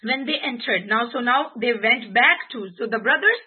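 A woman's voice: a little high, normal speed, slightly rough. A woman teacher giving an online religious class with slides. She speaks in an earnest, heartfelt way and often checks in with her students. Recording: tinny phone-like audio.

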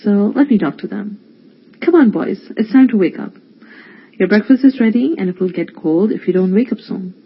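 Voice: medium pitch, normal speed, slightly rough, muffled recording. A storyteller voicing Irfan, a kind young man who talks patiently to children in a storybook reading. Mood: gentle. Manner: warm, patient coaxing. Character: kind, cheerful young male guest, gentle.

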